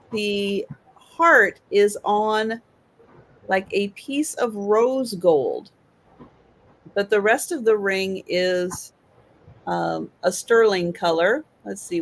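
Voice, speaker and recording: A woman hosting a live online sale, talking at a slow, easy pace. She describes each piece in plain detail and calls out the bids as they come in, with a voice of ordinary middle pitch. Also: poor audio. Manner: unhurried, describing items and calling bids. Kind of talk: live online sales auction.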